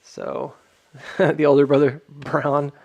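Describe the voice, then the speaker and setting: A man's voice: a little high, little pitch movement, slow, gravelly, a little mellow. A man hosting a livestream in casual chat, rambling and full of fillers. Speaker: livestream host.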